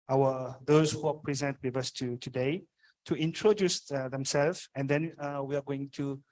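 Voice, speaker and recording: Slow, halting conference moderator man. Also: medium pitch, a little mellow, low-quality recording. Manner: halting, frequent ums and uhs. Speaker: panel moderator. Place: conference stage.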